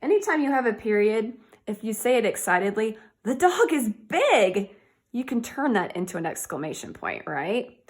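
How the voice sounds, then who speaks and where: A woman teaching a reading and punctuation lesson to young children, cheerful and encouraging, slowly sounding out words. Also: mid-range voice, lively intonation. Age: adult.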